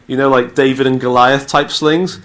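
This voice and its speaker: A man's voice: medium pitch, steady tone, moderate pace, a bit bright. A man with a British accent giving an informal, chatty Bible talk to students, telling the story with asides and acted-out dialogue. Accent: British English. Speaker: speaker at a student Christian talk.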